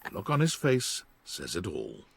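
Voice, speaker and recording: A man's voice: low voice, wildly swooping pitch, normal speed, gravelly, slight background noise, exaggerated voice. A man narrating a video game in a wry, storytelling manner. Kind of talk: scripted narration.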